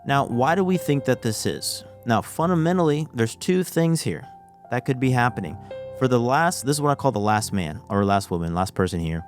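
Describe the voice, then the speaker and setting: A man's voice: mid-range voice, expressive, moderate pace, soft background music. A man giving a casual screen-share trading lesson, walking through a chart and often saying "okay" as he restarts phrases. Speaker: trading educator.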